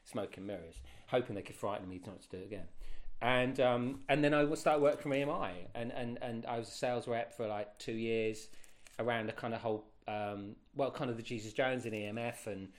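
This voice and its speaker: A middle-aged man, a guest telling stories in a casual, animated way with many fillers. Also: medium pitch, brisk, few pauses. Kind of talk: casual anecdotal storytelling.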